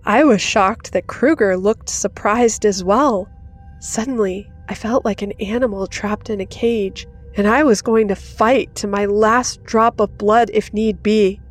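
A woman's voice: medium pitch, steady tone, unhurried. Narrator: woman, dramatic scripted horror reading, faint music underneath. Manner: dramatic, rising to intense in action.

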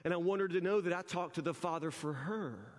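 Male pastor, high voice, emphatic conversational sermon, long church reverb. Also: a little fast. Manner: emphatic, conversational preaching with repeated words. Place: church sanctuary.

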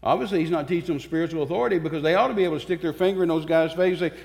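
A man with a slightly high, a little mellow voice and some vocal fry preaches to a church congregation. He's fervent and emphatic, leaning on pauses and repetition, while the sanctuary adds a long reverb.

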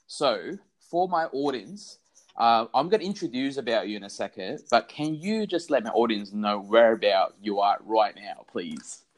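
A man in his forties hosting a podcast, excitable, laughing often and restarting his phrasing as he chats over a phone line. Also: mid-range voice, normal speed. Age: 40s. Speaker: podcast host. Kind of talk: casual interview chat. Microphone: phone call.

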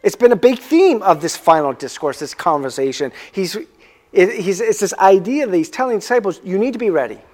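With a sing-song, high-pitched delivery, a male preacher talks conversationally, asking his listeners questions and slowing down to stress key words.

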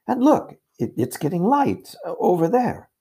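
A man reading aloud and voicing a sensible, bossy older schoolgirl in a raised, brisk voice. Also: medium pitch, huge pitch swings, gravelly, a little mellow, husky, full character voice. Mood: fussy.

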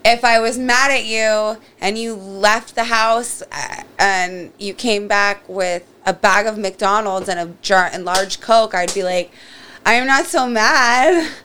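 A woman's voice: mid-range voice, steady tone, unhurried, hardly any pauses, a bit bright, clear, resonant tone. A woman co-hosting a podcast, speaking frankly and laughing in casual conversation. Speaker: podcast co-host. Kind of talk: casual crude banter.

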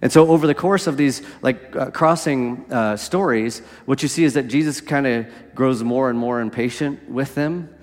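A man's voice: mid-range voice, normal speed, hardly any pauses, in a large hall. A man preaching a sermon in a conversational way, often checking in with his listeners. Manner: conversational, asks "right?" often.

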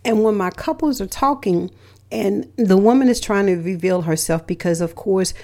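A middle-aged woman hosts a motivational radio talk. Her voice sits at an ordinary pitch for a woman. She speaks emphatically, leaning on key words and repeating them in lists. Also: normal speed, warm tone. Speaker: radio host and relationship counselor.

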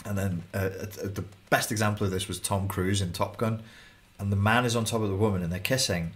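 Low-voiced Liverpool man, animated storyteller. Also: a little fast. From Liverpool, England. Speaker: coach. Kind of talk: casual podcast chat.

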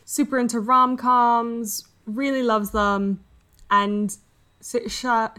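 A woman's voice: mid-range voice, a bit bright, smooth. A woman co-hosting a podcast, casually retelling a book's plot and acting out the characters' lines. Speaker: podcast co-host. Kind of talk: casual book discussion.

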